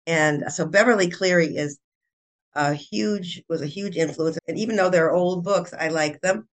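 An older woman, a children's author and guest, retelling her book's plot in a casual, animated way with laughs. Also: lowish voice, moderate pace. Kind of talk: casual storytelling interview.

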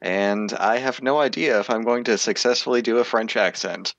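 A man playing in a tabletop game podcast, talking in a deadpan way. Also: mid-range voice, moderate pace, dry recording, poor audio. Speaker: player. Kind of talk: casual podcast banter.

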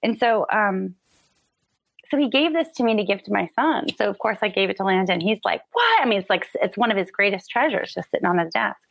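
A woman telling personal stories as a guest on a live-stream interview, animated and sometimes emotional. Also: mid-range voice, a little fast, gravelly, no room sound, low-quality recording. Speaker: guest, author and musician. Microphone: remote call.

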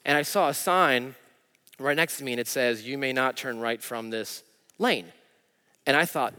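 A man's voice: mid-range voice, expressive, moderate pace, long pauses, bright, forceful tone. A man preaching a sermon as pastor, telling a self-deprecating story from his own life. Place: church. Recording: church hall reverb.

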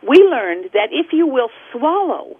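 A woman's voice: high voice, sing-song, a little slow, slightly rough. A woman guest speaking earnestly and reflectively on a radio talk show, heard over a telephone line. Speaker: guest, grief author.

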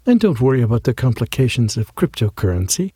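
A man's voice: medium pitch, big pitch swings, quick pace, dark tone, husky, dry recording, studio quality. A man doing a breezy, coaxing woman con artist. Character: sly, fast-talking woman con artist.

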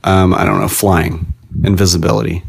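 A man's voice: low voice, flat delivery, moderate pace, vocal fry, breathy edge. A man from Oklahoma, a dad co-hosting a podcast, chatting casually and playing along in goofy make-believe games. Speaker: podcast co-host, father. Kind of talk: casual playful chat.

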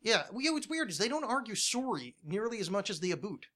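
A man's voice: sits high, sing-song, rapid-fire, fairly bright tone. A man hosting a casual podcast, ranting with lots of swearing and restarts. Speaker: podcast host.

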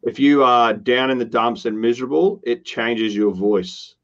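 A man's voice: medium pitch, moderate pace, dull audio. A man co-hosting a casual business chat, talking earnestly and slipping into upbeat quoted lines. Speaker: podcast co-host.

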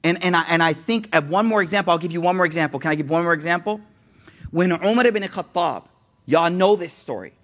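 A young man preaches in a loose, chatty way and keeps turning to speak directly to the room. His voice sits high for a man. He drifts into side stories and tells them with lively energy. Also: fairly quick. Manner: animated, digressive storyteller who talks straight to the audience. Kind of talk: casual sermon.

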